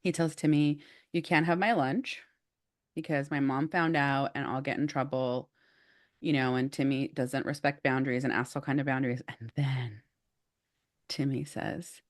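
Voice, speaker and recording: A woman with a low, deep-set voice tells a story in relaxed podcast chat. She is animated and expressive, scattering "like" throughout her sentences as she talks. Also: moderate pace. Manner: animated, acts out quotes, says "like" often. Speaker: podcast co-host.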